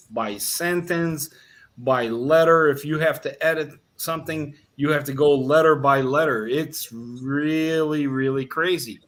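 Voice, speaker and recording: A man's voice: mid-range voice, a bit bright. A man co-hosting a chatty interview over a video call, explaining things and laughing often. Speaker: co-host. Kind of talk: casual conversation.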